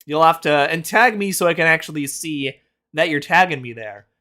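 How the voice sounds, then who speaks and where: A host runs a casual reaction chat in a bright, forceful, expressive voice whose pitch swings widely, speaking at a moderate pace. He's blunt and mocking, swearing freely as he reacts.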